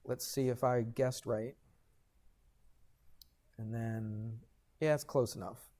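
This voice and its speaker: A middle-aged man, a math teacher, telling a story to his class and lecturing in an animated way, checking in with students as he goes. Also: medium pitch, slow. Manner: animated, addresses students directly with frequent "right?".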